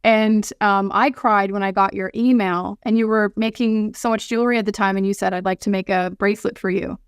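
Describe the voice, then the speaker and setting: A woman's voice: medium pitch, steady tone, a little fast, clean tone, dry recording, studio quality. A woman guest on a podcast, speaking earnestly and from the heart, often restarting her sentences.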